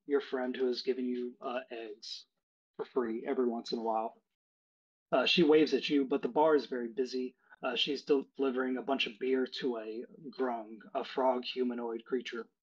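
A man's voice: mid-range voice, breathy edge, lo-fi sound. A man running a tabletop game as game master, explaining the setting with many fillers.

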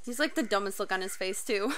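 A young woman doing a casual anime reaction, excitable and quick to gasp and shriek. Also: mid-range voice. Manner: excitable, gasping and shrieking in surprise.

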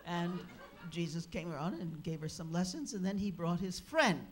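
A woman speaker at a religious gathering, telling an anecdote in a lively, animated way with humorous asides. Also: on the low side, moderate pace. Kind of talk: anecdotal storytelling. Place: live gathering hall.

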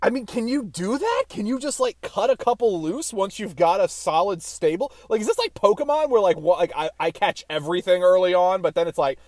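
A man co-hosting a podcast, cracking jokes in quick, excitable interjections during casual chat. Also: high voice, no room sound, clean studio sound. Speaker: podcast co-host.

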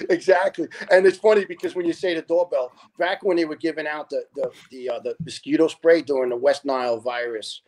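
A man in his fifties tells casual stories as a podcast guest, animated and profane. He laughs often and restarts his sentences, and his voice sits a little higher than most men's. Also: a little fast, few pauses. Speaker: podcast guest, retired fire lieutenant. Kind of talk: casual storytelling.

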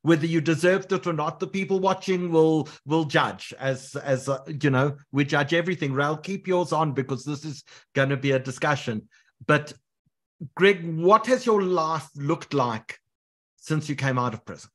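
A man's voice: fairly high pitch, normal speed, fairly bright tone. A man hosting an online panel interview, steering the talk between guests in a conversational way over a video call.

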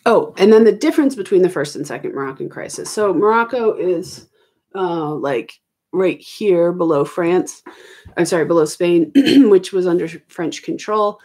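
A middle-aged woman reviewing history for an exam, explaining casually with many ums and quick self-corrections, recorded at home. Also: fairly low pitch, expressive, darkish tone. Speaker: history teacher. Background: children arguing in the background.

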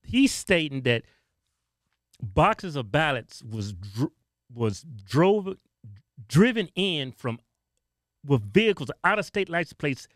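A middle-aged man co-hosting a casual political commentary show, talking in an excitable, animated way. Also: a little high, slow pace, long pauses, no echo, studio quality. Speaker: co-host.

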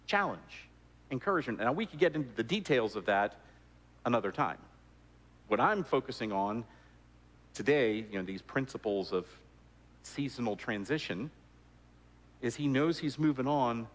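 A man giving a conversational sermon, with frequent restarts and fillers. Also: medium pitch. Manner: conversational, repeats words, many fillers and restarts. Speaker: preacher. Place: church sanctuary. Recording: long church reverb.

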